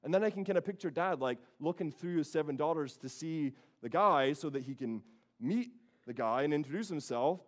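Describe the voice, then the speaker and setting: A man pastor preaching a sermon, telling the story with lively quoted voices. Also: on the high side. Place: church sanctuary.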